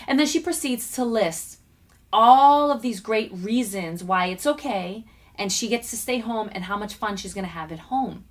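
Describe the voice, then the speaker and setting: A woman's voice: mid-range voice, animated, moderate pace. A middle-aged woman, a motivational speaker and guest, telling a personal story in a conversational interview and acting out the voices she quotes.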